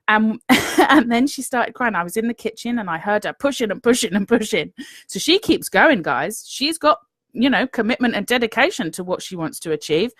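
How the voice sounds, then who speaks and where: A woman's voice: a little high, expressive, normal speed, a bit bright, no room sound. A woman, giving an earnest, encouraging motivational talk to viewers and often checking in with "okay?". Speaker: business coach.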